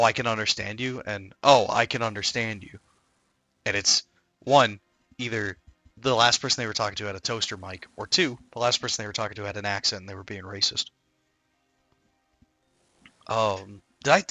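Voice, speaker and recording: A man's voice: lowish voice, gravelly, bright, forceful tone, no echo. A man chatting casually on a stream, telling long stories full of fillers. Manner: rambling storyteller, many fillers. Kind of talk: casual chat.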